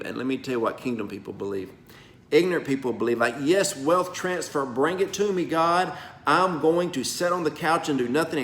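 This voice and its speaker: A man preaching an informal prophetic message, folksy and emphatic, his voice going from soft to loud. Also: mid-range voice. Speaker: pastor. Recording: roomy echo, faint background noise.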